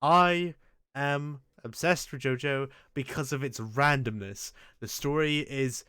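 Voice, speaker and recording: Rambling, foul-mouthed man with a smooth voice. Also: medium pitch, slow, pushed and bright, no room sound, clean studio sound. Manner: rambling, crude, frequent restarts. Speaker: show host. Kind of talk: casual chat ranking anime.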